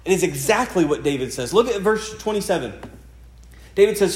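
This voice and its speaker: A man's voice: sits high, lively intonation, a little fast. A male pastor preaching a sermon in an earnest, conversational way, often repeating key phrases. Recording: echoey room sound.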